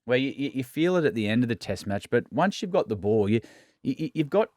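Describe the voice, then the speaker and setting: A man's voice: medium pitch, lively intonation, a little fast, darkish tone, dry recording, studio quality. A middle-aged man with an Australian accent, co-hosting a chat, matey and hearty, repeating words as he goes. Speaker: podcast co-host. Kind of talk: casual chat.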